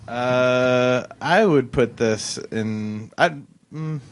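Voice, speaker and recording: A man's voice: medium pitch, extremely slow, clear, resonant tone. A man on a podcast chatting casually, hesitant and often trailing off mid-sentence.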